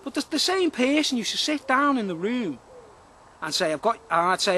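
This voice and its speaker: A man's voice: very high-pitched, very animated, normal speed, bright, forceful tone, a little hiss or hum. A man rambling through a video monologue outdoors in the woods, full of fillers and repeats. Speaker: vlogger.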